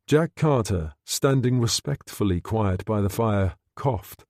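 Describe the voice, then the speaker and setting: A man narrating a thriller audiobook in an expressive reading style. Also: on the low side, unhurried, few pauses, no echo, studio quality. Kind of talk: scripted narration.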